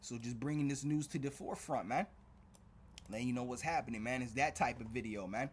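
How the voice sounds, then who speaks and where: A man with a husky, slightly rough voice preaches fervently to his viewers. He punctuates nearly every phrase with "all right?" and "man". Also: medium pitch, brisk. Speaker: street preacher. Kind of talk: preaching to a video audience.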